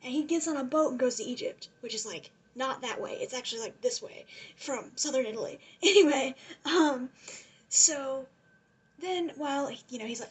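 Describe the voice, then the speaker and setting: A young woman with a high, light voice tells history as a rambling comic story. She swears freely and drops careless asides along the way. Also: normal speed, husky. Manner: rambling, profane, giggly asides. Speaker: vlogger. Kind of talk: casual comedic history retelling.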